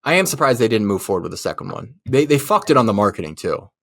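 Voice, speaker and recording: A man's voice: fairly low pitch, big pitch swings, fast talker, a bit bright, no room sound, studio quality. A man co-hosting a movie podcast, talking loosely and profanely, laughing as he rants. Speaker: podcast co-host. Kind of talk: casual chat.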